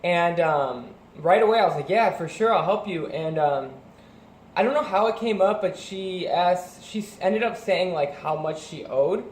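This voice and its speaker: A man's voice: sits high, animated, measured pace, reverberant, slight background noise. A young man telling a personal story in a casual, rambling way, full of fillers and restarts. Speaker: vlogger.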